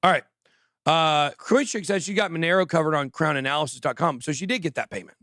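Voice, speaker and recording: A man hosting a casual crypto livestream, talking quickly and jokily, often trailing off mid-thought. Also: a little high, fairly bright tone, dry recording, clean studio sound. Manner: rambling, quick, jokey, trails off. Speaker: crypto show host.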